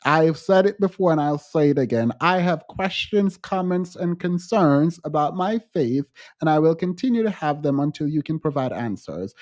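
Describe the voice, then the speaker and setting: A man with a somewhat high voice chats frankly with his livestream viewers. He talks in halting restarts and pushes his voice up and gets emphatic when he quotes other people. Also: animated, darkish tone. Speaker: livestream host. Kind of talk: livestream chat answering viewers.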